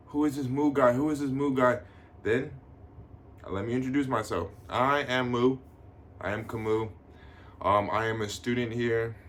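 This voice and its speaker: A man's voice: fairly low pitch, fairly bright tone, slight background noise. A young man from the United States who lives in Tokyo, talking casually to his viewers in a loose, slangy way, with plenty of swearing and fillers like "you know what I mean.". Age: young adult. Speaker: vlogger. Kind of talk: casual vlog talk to camera.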